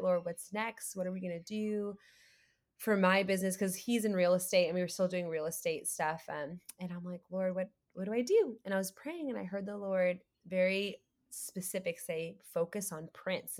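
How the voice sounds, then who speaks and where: A woman guest on a faith podcast, telling a story in an animated way and acting out the dialogue. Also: lowish voice. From United States. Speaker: guest, creative entrepreneur.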